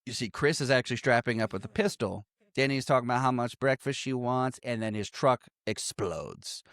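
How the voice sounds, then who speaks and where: A man's voice: medium pitch, a little fast, fairly bright tone, dry recording, clean studio sound. A man casually recapping a movie as podcast co-host, laughing often and acting out characters' lines.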